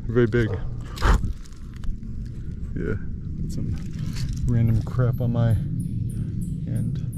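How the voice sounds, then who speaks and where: An American man talking in a rambling, animated way as he vlogs outdoors in a village, with lots of fillers. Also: medium pitch, drawn-out words, vocal fry, heavy background noise. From United States. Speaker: vlogger. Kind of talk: casual walking vlog monologue.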